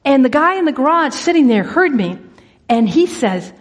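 A woman's voice: sits high, big pitch swings, moderate pace, big-room sound. A woman giving an earnest sermon, telling a church story and leading a prayer, often restarting her words. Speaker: church speaker.

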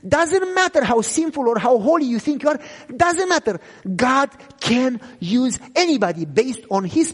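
A man's voice: high voice, darkish tone, husky, long reverb tail. A man preaching a sermon in English, a second language for him, earnestly sharing his own testimony and often asking listeners whether they follow him. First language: not English. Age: adult with children.

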